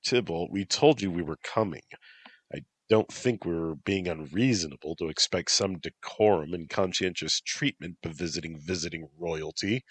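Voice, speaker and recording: A man's voice: deep voice, moderate pace, breathy edge, dry recording. A man doing a haughty yokai princess. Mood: imperious. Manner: imperious, demanding.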